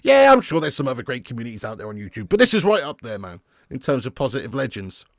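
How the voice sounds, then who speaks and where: A man streaming a live football watch-along, reading viewer comments casually, then swearing and shouting at the match as it unfolds. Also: medium pitch, wildly swooping pitch, fast talker, dry recording, clean studio sound.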